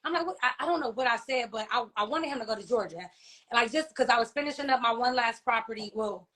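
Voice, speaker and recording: With a slightly high, somewhat bright voice, a woman speaks as an interview guest about losing someone, offering emotional personal testimony as a grieving mother and author. Her speech is halting and heartfelt, with many fillers and restarts, and she frequently checks "you know what I mean?"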